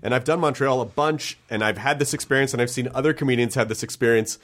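A man in his forties who grew up in the American South, appearing as a comedian guest in a relaxed conversation. He talks reflectively and lays out his ideas in full, articulate sentences. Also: medium pitch, quick pace. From American South, grew up in Memphis. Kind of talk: casual chat.

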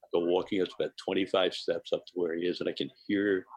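A man, a chef, telling a personal anecdote in an interview, animated and laughing often. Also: deep voice, quick pace, husky, rough recording. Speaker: guest chef.

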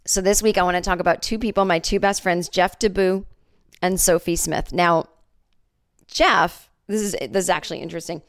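Chatty woman podcast host, smooth voice. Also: fairly low pitch, fairly even intonation, normal speed. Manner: chatty, jokey, acts out voices in her stories. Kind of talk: comedic solo podcast storytelling.

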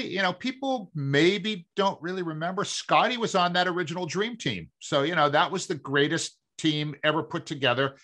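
A man's voice: a little high, pushed and bright. A man from Massachusetts co-hosting a sports podcast, chatting casually and filling his talk with "you know". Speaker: podcast co-host.

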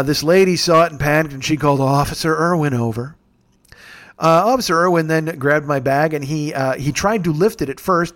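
A man with a slightly high voice rambles through a comedic podcast monologue. He talks casually and sarcastically, swears freely, and often stops to correct himself. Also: fairly bright tone. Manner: profane, rambling, sarcastic storytelling. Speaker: podcast host. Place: rented home, recording on travel.

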